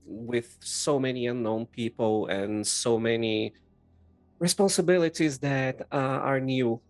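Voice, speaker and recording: A woman giving voice to a young lord, earnest and sentimental as he speaks to his sister. the voice is extremely low and slow, with a dry, close sound. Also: no echo. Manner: warm-hearted, sentimental, earnest. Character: young nobleman lord, affectionate older brother.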